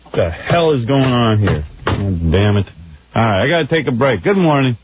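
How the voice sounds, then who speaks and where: A man's voice: mid-range voice, animated, normal speed, phone-quality sound, background noise. A man hosting a radio show, with crude and mocking banter. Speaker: radio host.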